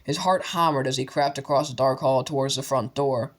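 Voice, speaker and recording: A man narrating an audiobook with steady storytelling. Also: mid-range voice, brisk.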